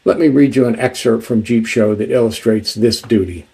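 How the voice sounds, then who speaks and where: A man, an author, giving a measured, deliberate talk about his book and reading a passage from it. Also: mid-range voice, vocal fry, dark tone, low-quality recording.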